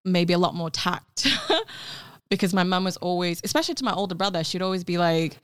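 A young woman, a guest on a casual talk show, telling stories with lively acted-out dialogue. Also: on the low side, fairly quick, clear, resonant tone, dry recording, clean studio sound. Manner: animated storyteller, acts out quoted dialogue. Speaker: guest, actor. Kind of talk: casual podcast conversation.

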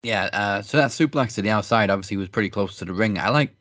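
Deep-voiced, laid-back podcast co-host. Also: male voice, fast talker, a bit bright, no room sound. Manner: laid-back, hesitant, lots of "um". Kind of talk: casual chat.

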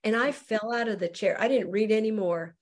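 This middle-aged evangelist talks briskly in a mid-range voice as a show guest. Her personal testimony comes out animated, and she acts out the voices of those she quotes.

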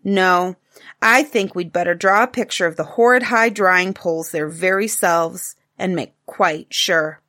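A woman's voice: fairly low pitch, measured pace, bright, forceful tone, no room sound, clean studio sound. A woman voicing an eager, chattering little cave girl in a storybook reading.

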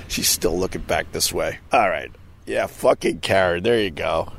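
A middle-aged man vlogging outdoors in a chatty, animated way, talking to his viewers and swearing freely. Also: low voice, normal speed, vocal fry, a little hiss or hum. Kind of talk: casual rambling vlog talk to viewers.

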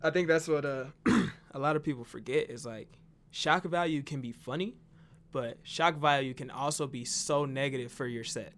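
Fast-talking chatty comedian man. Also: on the high side. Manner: fast, animated, peppered with "you know what I mean". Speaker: comedian, podcast co-host. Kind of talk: casual podcast chat.

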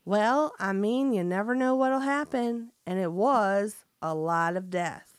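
A woman's voice: mid-range voice, measured pace, dry recording, studio quality, natural voice. A woman voicing folksy rural male farmers with a put-on Southern country accent, drawling and giggling through the lines. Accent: put-on Southern rural American.

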